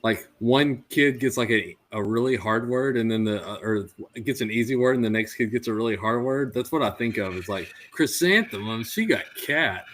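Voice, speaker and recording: A man in his thirties co-hosting a podcast, telling stories in an animated way with lots of fillers and laughs. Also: medium pitch, slight background noise. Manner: animated storyteller, quick to laugh, many "like" fillers. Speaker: podcast co-host. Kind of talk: casual chat.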